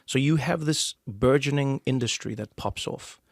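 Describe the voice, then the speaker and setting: A man from South Africa with a South African accent, hosting and telling stories in an animated way. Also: mid-range voice, gravelly, no room sound, studio quality. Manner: animated storyteller, quick bursts. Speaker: podcast host. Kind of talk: storytelling conversation.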